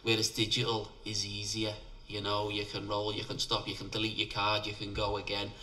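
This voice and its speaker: Bright-voiced Liverpool man, far from mic. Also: fairly low pitch, completely flat delivery, brisk. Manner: chatty, blunt, laughs at himself. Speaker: filmmaker guest. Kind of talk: casual interview. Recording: distant mic.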